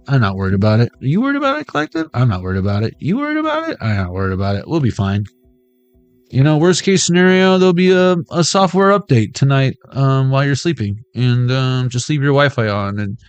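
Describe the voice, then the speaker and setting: In a dry recording, a man with a mid-range voice gives a rambling, playful pick-a-card tarot reading. He riffs from joke to joke and jumps between jokes and impressions.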